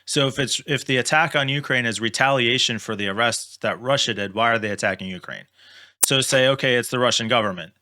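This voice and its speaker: A man's voice: mid-range voice, fairly quick, sharp tone, a little hiss or hum. A man co-hosting a casual podcast, thinking aloud with hesitations. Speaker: podcast co-host. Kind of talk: casual chat.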